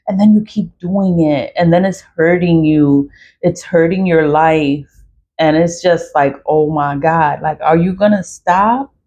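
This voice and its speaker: Blunt, laughing woman with a low voice. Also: dark tone. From New York. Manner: blunt, laughing often, swearing, repeating herself. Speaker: spiritual talker. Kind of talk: casual monologue.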